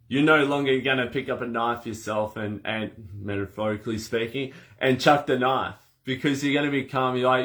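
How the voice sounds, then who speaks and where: A man coaching breath work in a casual conversation, animated and laughing as he acts out little scenes. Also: medium pitch, normal speed.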